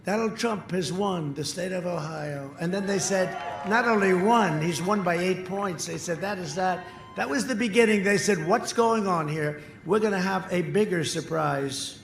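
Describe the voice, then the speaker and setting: Older man, rally speaker, high-pitched voice, boastful and repetitive, booming echo over faint crowd noise. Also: moderate pace, gravelly. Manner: repetitive, boastful, swings from shouting to mutters. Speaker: political candidate at a rally. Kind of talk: rally speech. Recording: echoey open-air PA sound, faint crowd noise.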